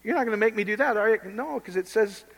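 A man preaching with blunt, impassioned conviction, talking straight to the people in front of him. His voice sits a bit higher than most men's. It rings out with a long reverb, as in a large hall. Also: fast talker, gravelly, fairly bright tone. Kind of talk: informal sermon.

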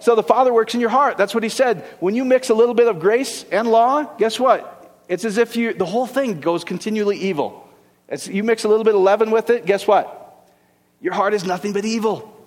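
A middle-aged male pastor preaching a sermon in a church hall, lively and joking, firing rhetorical questions at the congregation. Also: high-pitched. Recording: long hall reverb.

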